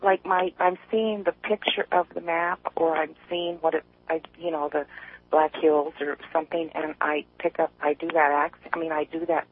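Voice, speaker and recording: A woman from East Tennessee calling into a radio show, chatty and rambling, quick to laugh. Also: deep voice, flat delivery, a little hiss or hum. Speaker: caller. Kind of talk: casual call-in chat. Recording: tinny phone line.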